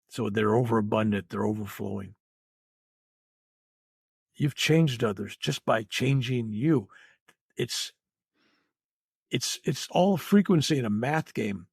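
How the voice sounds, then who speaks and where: Older male reverend, podcast guest. Husky, dry close sound, earnest, meandering delivery. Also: mid-range voice, a little mellow, dry recording. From United States. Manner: earnest, rambling, repeats words and says "you know" often. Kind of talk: spiritual podcast interview.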